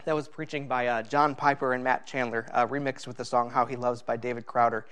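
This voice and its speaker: Male pastor, medium pitch, halting and reflective delivery full of fillers. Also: level tone, a bit bright, clear, resonant tone. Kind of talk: personal sermon.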